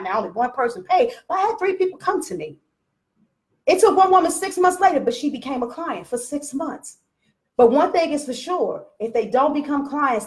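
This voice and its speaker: A woman business coach giving a blunt, profane, preachy talk and addressing her viewers directly. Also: high-pitched. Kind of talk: live motivational rant.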